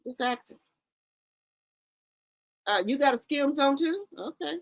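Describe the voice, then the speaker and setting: Animated woman hosting celebrity gossip. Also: high-pitched, unhurried, dry recording. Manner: loud, incredulous exclamations and blunt swearing; talks straight to her viewers. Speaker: gossip channel host. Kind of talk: casual celebrity gossip commentary.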